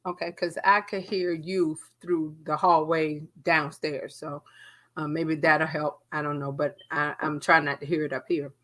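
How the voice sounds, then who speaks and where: A woman's voice: low-pitched, unhurried. A young adult woman co-hosting a podcast, telling a story casually, swearing freely and acting out what people said. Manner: animated, profane, acts out quotes. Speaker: podcast co-host.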